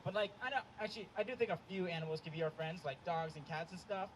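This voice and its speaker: A young man performs stand-up outdoors in the cold, with a high voice and a hesitant, deadpan delivery full of ums. Noise runs under the whole recording. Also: fast talker, poor audio. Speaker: stand-up comedian. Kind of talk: stand-up set.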